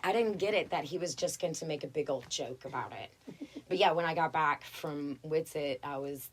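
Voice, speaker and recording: Animated young woman from North Carolina. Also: low-pitched, normal speed, husky. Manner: animated, acts out voices in anecdotes. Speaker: actress, interview guest. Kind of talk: casual storytelling chat.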